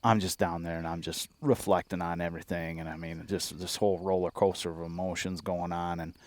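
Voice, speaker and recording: Deep-voiced man telling a hunting story. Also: fairly even intonation, fairly quick, no echo. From Michigan. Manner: blunt, profane, conversational. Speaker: podcast host. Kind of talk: casual storytelling.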